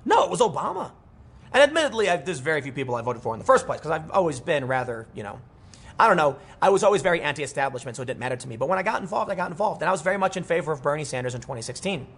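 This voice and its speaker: Young male commentator, husky and slightly high, rambling animated monologue. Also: racing. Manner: animated, rambling, many restarts. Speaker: political commentator.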